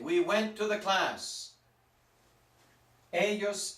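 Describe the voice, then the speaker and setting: A man teaching a Spanish grammar lesson, repeating each form and stressing it slowly. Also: fairly high pitch, fairly bright tone. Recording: echoey room, mic at a distance.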